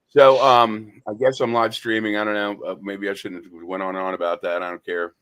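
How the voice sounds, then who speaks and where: A man's voice: on the low side, flat delivery, normal speed, fairly bright tone, slight background noise. A man hosting a talk radio show, telling stories in a rambling, hesitant way. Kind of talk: casual talk radio chat.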